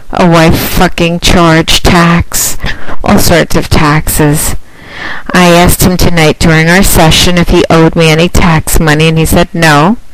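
A woman's voice: on the low side, dry recording. A woman delivering a domineering, taunting promotional monologue as a dominatrix phone line host.

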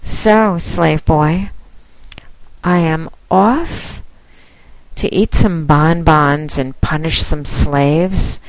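Slow, commanding woman with a smooth voice. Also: low voice, darkish tone, no room sound, low-quality recording. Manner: commanding, teasing, unhurried. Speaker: phone domination mistress promoting her line. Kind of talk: casual monologue to a listener.

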